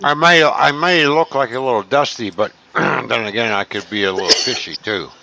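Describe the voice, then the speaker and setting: A man's voice: mid-range voice, normal speed, heavy background noise. Crude joking Canadian man. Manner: joking, crude, clears throat often. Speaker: regular in a streamed voice chat. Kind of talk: casual banter.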